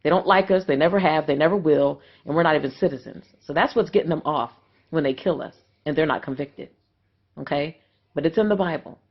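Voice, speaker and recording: A man's voice: on the high side, fairly quick. Man, host, preaching lecture, reads passages aloud, dull lo-fi sound. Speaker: channel host.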